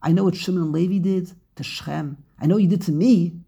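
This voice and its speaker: Woman teacher playing a stern male ruler, gravelly, husky, emphatic repeated warnings, lesson retelling. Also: fairly low pitch, fast, mellow, full character voice.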